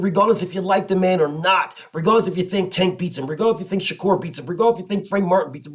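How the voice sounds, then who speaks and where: Male host, slightly high voice, emphatic and repetitive commentary rant. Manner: emphatic, repetitive, mocks others in low put-on voices. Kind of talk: passionate solo commentary rant.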